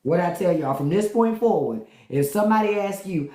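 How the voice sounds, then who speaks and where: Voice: mid-range voice, animated, normal speed, mellow, echoey room. A livestream host chatting casually with viewers, telling stories in a loose, profane way, often laughing and humming disapproval. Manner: loose, profane storytelling with frequent laughter and hums.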